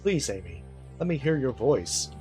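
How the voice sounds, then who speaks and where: A man's voice: mid-range voice, big pitch swings, normal speed, a little mellow, lightly acted. A man voicing an anxious, loving middle-aged father in a game, speaking in a pleading, worried way over game music.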